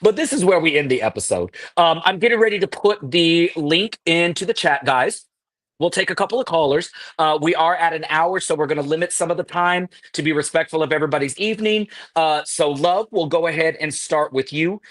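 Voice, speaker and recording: Host doing a chatty tv recap, animated, lots of laughs, dry sound. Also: mid-range voice, a little fast, no echo. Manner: animated storytelling with acted quotes. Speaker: podcast host. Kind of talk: live reality-TV recap.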